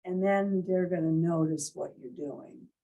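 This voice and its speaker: A woman's voice: fairly low pitch, measured pace, gravelly, dark tone, muffled recording. A woman leading a workshop in an indoor meeting room, teaching and quizzing the group, demonstrating different tones of voice. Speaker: workshop leader. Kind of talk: interactive teaching talk.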